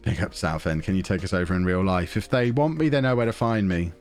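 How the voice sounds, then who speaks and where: A man's voice: deep voice, fast talker, soft background music. A young man chatting casually to his viewers while streaming a game from a small home office, talking close into a desk mic in a rambling way. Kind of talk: casual live-stream chat while gaming. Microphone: desk mic close to the mouth.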